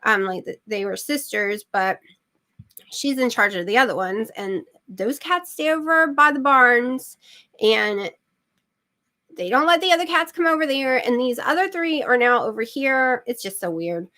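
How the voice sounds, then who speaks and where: A woman's voice: a little high, expressive, measured pace, sharp tone. A middle-aged woman hosting her channel, chatting casually and rambling with lots of fillers. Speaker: channel host. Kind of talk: casual livestream chat.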